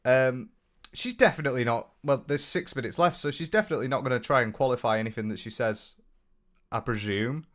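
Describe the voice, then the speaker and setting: A man's voice: medium pitch, brisk, fairly bright tone. A young British man giving casual reaction commentary, blunt and sweary, mocking his subject and reading viewer comments aloud. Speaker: commentary YouTuber.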